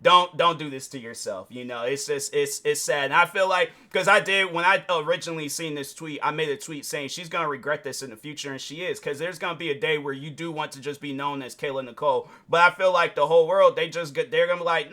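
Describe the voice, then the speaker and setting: A male vlogger with a bright, forceful voice that sits a little above the usual pitch for a man. He talks casually and animatedly, throwing in slang and speaking straight to his viewers, and now and then slips into excited high impressions of other people. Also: fast, few pauses. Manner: informal slang, addresses viewers directly. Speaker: YouTube reaction host. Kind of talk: casual opinion commentary.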